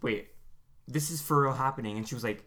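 A podcast co-host tells rambling stories in casual chat, packed with fillers and restarts. His mid-range voice is fairly bright and moves fairly quickly.

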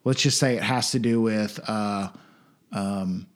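A man's voice: on the low side, a little slow. A man co-hosting a podcast who rambles in casual chat and poses hypothetical questions. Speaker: podcast co-host.

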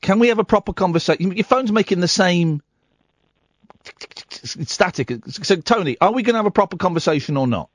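A combative talk radio host with a high, lively voice that swings all over. His tone is husky and the studio sound is close and dry. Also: brisk, no room sound. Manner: combative, sarcastic, threatening. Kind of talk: late-night talk radio.

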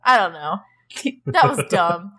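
A woman's voice: fairly low pitch, unhurried, husky. A young adult woman co-hosting a podcast, recapping casually with lots of "like", sarcastic asides and swearing. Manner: animated, frequent "like", sarcastic swearing. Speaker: podcast co-host.

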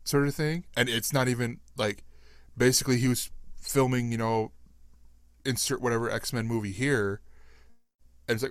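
A male podcast host in loose, casual chat, rambling and quick to laugh. His voice sits at a middle pitch. The recording is dry and close. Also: fairly even intonation, no room sound.

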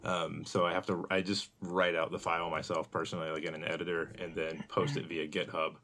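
A low-pitched man with a bright, forward edge to his voice chats on a podcast. He rambles through explanations in a relaxed way and laughs easily. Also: brisk. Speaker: podcast co-host. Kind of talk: casual chat.

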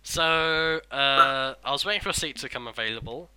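A man's voice: medium pitch, normal speed, pushed and bright, smooth, no echo, low-quality recording. A young man rambling through casual chat, swearing often and restarting his sentences.

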